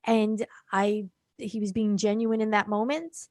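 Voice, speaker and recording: A woman co-hosting a casual show recap, agreeable and quick with affirmations. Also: medium pitch, steady tone, darkish tone, no room sound, studio quality. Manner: agreeable, frequent affirming interjections. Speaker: podcast co-host.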